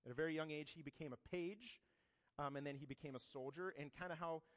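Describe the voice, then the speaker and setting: A man's voice: a little high, fast talker. A man telling a saint's life story in a casual, joking talk, often checking in with "right?" asides. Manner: conversational, frequent "right?" asides and joking comparisons. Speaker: speaker teaching about a saint. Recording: long reverb of a hall.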